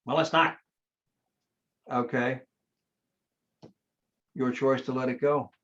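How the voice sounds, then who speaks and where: A man's voice: mid-range voice, steady tone, takes it slowly, a bit bright. A man, a hypnotherapist guest on a podcast, telling a story in blunt, emphatic bursts. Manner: emphatic, blunt, punchy short phrases. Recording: slightly dull lo-fi sound.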